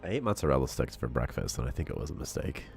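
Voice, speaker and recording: A man's voice: very deep voice, big pitch swings, fast, gravelly, a little mellow, soft background music. A man on a game development stream, talking casually and rambling with lots of "like" and laughter. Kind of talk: casual live-stream chat.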